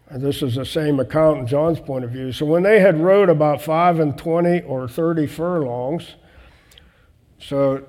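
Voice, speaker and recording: Mellow-voiced preacher in a reverberant hall. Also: male voice, a little high. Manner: conversational, with restarts and quoted scripture. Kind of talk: sermon, Bible teaching.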